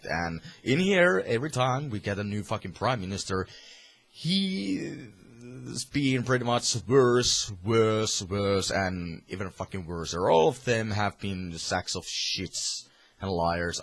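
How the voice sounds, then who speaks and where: A man's voice: lowish voice, a bit bright. A man from Finland with a Finnish accent, delivering a heated, profane political rant to camera with many restarts. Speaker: vlogger.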